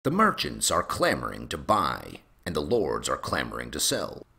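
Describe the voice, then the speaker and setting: A man doing a booming blustering lord. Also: very animated, moderate pace, vocal fry, exaggerated voice. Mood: complaining. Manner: loud and complaining.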